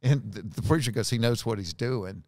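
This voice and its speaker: A man, a podcast guest telling stories in an animated way and acting out the voices he quotes. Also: on the low side, normal speed, no room sound, clean studio sound. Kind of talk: storytelling in conversation.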